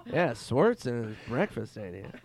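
A male comedian telling animated stories in casual chat, swearing freely. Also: mid-range voice, unhurried. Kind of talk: casual podcast storytelling.

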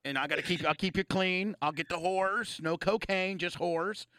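Brash, bright-voiced man riffing profanely. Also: sits high, moderate pace, clean tone, no room sound. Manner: loud, profane, riffing with mock gambler talk. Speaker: radio show host. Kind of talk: casual profane banter.

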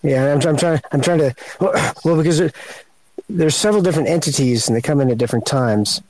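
A man speaking as a panel guest, slow and searching for words with many pauses. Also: fairly high pitch, darkish tone, poor audio. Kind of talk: unscripted panel talk.

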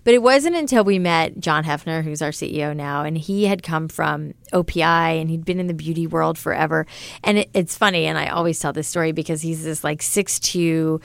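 A woman's voice: deep voice, fairly quick, creaky, no echo. A middle-aged woman, a business founder, chatting loosely in an interview with lots of fillers. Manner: chatty, many fillers like "you know" and "like". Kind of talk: casual interview talk.

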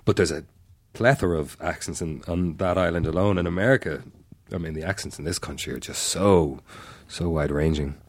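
A man's voice: sits low, a little fast, husky, no echo. A man with an Irish accent, chatting candidly and self-deprecatingly as a guest in an interview. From Ireland. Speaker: actor guest. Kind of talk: casual interview chat.

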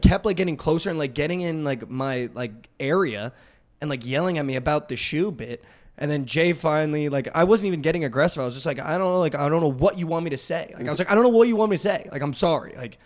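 Young male podcast co-host, casual storyteller, fillers galore, slightly high voice. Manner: animated, heavy use of "like" and "dude", acts out quotes.

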